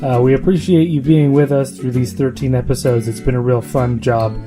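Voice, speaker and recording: A podcast host wraps up the show in a relaxed, thankful tone. The voice sits at a middle pitch. Clear guitar music plays underneath. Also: moderate pace. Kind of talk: casual sign-off.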